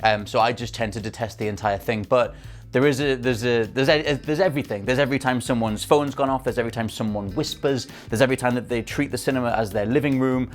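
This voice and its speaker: A man's voice: medium pitch, quick pace, soft background music. A man ranting with exasperated, emphatic repetition about bad cinema audiences, speaking to camera as a film pundit.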